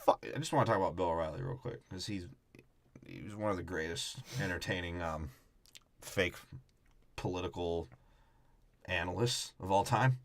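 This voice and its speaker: A young man co-hosting a podcast, joking crudely in casual, animated chat. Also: low-pitched, moderate pace, vocal fry, pauses often, dry recording. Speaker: podcast co-host.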